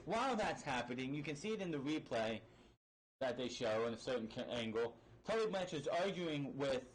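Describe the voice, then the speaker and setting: A man's voice: medium pitch, animated, normal speed, low-quality recording. A man casually recapping a wrestling match play-by-play, rambling with fillers and frequent swearing. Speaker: wrestling show reviewer.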